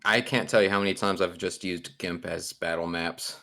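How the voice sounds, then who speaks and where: A man's voice: sits low, steady tone, moderate pace, sharp tone. A man playing a tabletop game over a voice call, giggly and rambling, often restarting his phrases.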